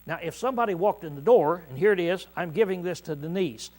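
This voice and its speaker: A male preacher delivering a conversational sermon, reading scripture aloud and then explaining it in plain words, often clearing his throat. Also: sits high, fast talker, darkish tone. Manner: conversational, uses hands-on demonstration with congregation.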